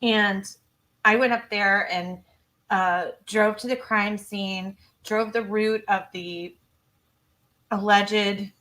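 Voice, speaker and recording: A woman's voice: mid-range voice, steady tone, takes it slowly, fairly bright tone. A woman hosting a true crime livestream, chatty and giggly, reading viewer comments aloud. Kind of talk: casual livestream chat.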